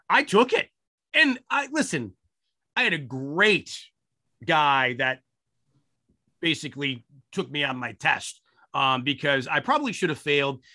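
A man's voice: on the high side, bright, forceful tone. A man from the Rochester, New York area, chatting casually and joking about teenagers. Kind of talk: casual chat.

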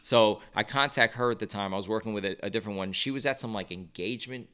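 A man telling a long story in a casual interview, animated and acting out what others said. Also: lowish voice, fast, a crowd in the background. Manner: animated storyteller, acts out quoted voices. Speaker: guest, video creator.

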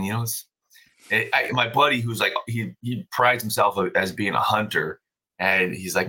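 A man's voice: lowish voice, expressive, moderate pace, bright, forceful tone. A man as a podcast guest, telling a story in a loose, profane, casual way and laughing often.

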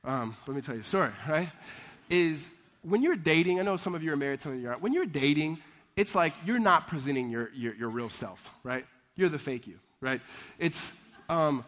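A man with a high voice preaches a sermon in a church, telling stories with lots of energy and laughing as he goes. He acts out both sides of the dialogue in his stories, then turns serious and rises in fervor when he comes back to his main point. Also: moderate pace. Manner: animated storytelling, acting out dialogue, laughing often. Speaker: pastor.

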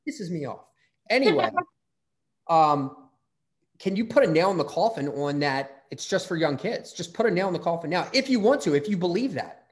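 A man's voice: fairly high pitch, moderate pace. A middle-aged man hosting a casual interview, telling rambling stories and swearing freely. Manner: rambling, profane, lively storyteller. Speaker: podcast host.

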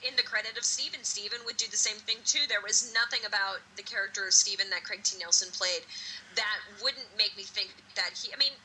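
A woman co-hosting a podcast in casual chat, rambling and excitable with many restarts. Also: medium pitch, a little fast, rough recording. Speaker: podcast co-host.

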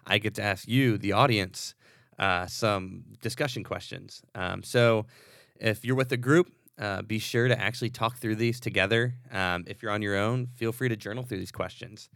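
A man hosting a podcast, relaxed and affirming, with many fillers as he talks. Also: lowish voice, moderate pace, creaky, no echo, clean studio sound. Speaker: podcast host. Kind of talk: casual podcast talk.

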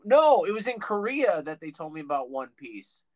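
A man's voice: sits high, very animated, moderate pace, dry recording, low-quality recording. A man hosting a podcast, chatting casually and telling rambling stories that stop and restart. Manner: rambling, self-interrupting storyteller. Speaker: podcast host. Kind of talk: casual interview chat.

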